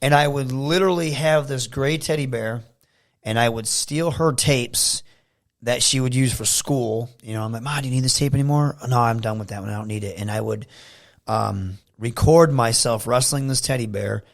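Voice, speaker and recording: A man from Michigan, a wrestler guest telling animated stories in a casual interview, often slipping into loud impressions. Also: mid-range voice, moderate pace, creaky. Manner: animated storyteller who slips into loud impressions.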